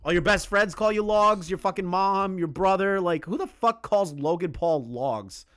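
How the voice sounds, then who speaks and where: A man's voice: high-pitched, expressive, normal speed, a bit bright. A man doing casual reaction commentary, sarcastic and mocking, swearing often and restarting with fillers. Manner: filler-heavy, repeats words when restarting. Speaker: commentary YouTuber.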